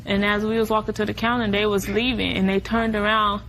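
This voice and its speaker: A woman's voice: medium pitch, level tone, a little fast, a bit bright, slight background noise, rough recording. A young woman testifying as defendant, retelling events at length in a rambling way. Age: young adult. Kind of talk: courtroom testimony.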